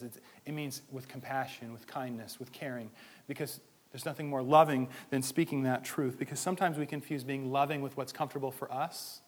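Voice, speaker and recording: A man preaching a sermon as pastor, talking conversationally and moving from quiet asides to loud pleading. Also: a little high.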